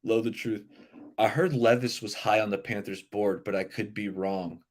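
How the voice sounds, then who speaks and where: A man with a fairly low voice hosts a casual live sports stream. He talks in a loose, rambling way and keeps turning to answer viewers' comments. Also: fairly even intonation, normal speed. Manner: chatty, rambling, reacts to chat comments. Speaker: livestream sports show host.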